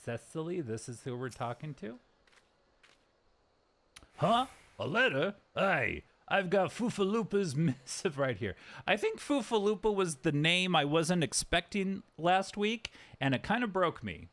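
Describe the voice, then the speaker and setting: A man's voice: high voice, sing-song, unhurried, a bit bright. A man streaming a video game, chatting casually in a joking way with sudden yelps and some swearing. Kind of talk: casual live-stream gameplay commentary.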